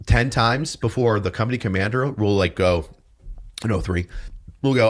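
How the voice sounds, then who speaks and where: A man telling stories on a podcast as a guest, animated and profane, with loud outbursts when he quotes other people. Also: on the low side, normal speed. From New York. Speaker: podcast guest, police detective and drill sergeant. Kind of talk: casual storytelling.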